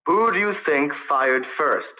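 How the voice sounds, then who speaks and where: A man's voice: a little high, lively intonation, a little slow, bright, forceful tone, full character voice, low-quality recording. A man reading aloud, voicing a stern middle-aged father with a hot temper who keeps it in check with clipped words.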